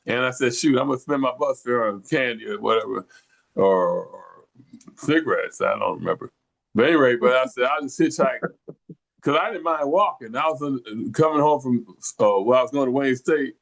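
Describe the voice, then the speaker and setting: A man's voice: mid-range voice, expressive, normal speed, creaky, fairly bright tone. An older man from the Detroit area telling a long rambling story in casual chat, with many restarts. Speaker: podcast co-host.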